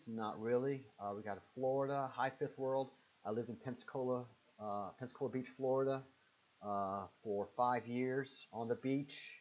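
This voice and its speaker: Southern-accented man chatting on a live stream. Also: darkish tone. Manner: rambling, answers viewer comments with fillers. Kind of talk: casual live stream chat reading comments. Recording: muffled low-fidelity stream audio.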